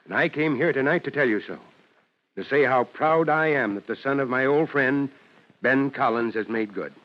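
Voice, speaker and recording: A man's voice: mid-range voice, close to an everyday voice. A man playing a fatherly fire chief, old radio. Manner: formal, measured, fatherly. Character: kindly middle-aged male fire chief. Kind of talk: 1940s radio acting. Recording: dull old radio recording.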